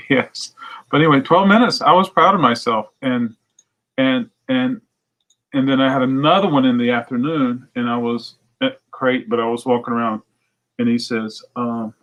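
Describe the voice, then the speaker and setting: A man chatting casually with his viewers, like a record shop owner hosting a morning show. He tells a rambling story and acts out phone calls in high, excited voices. His normal talking voice sits at a medium pitch. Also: normal speed, highs cut off. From United States.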